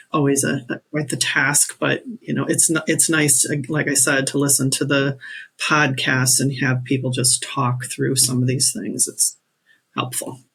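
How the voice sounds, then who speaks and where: A man's voice: fairly high pitch, creaky, fairly bright tone, slightly rough. A man speaking as a podcast guest in casual chat, rambling with many restarts.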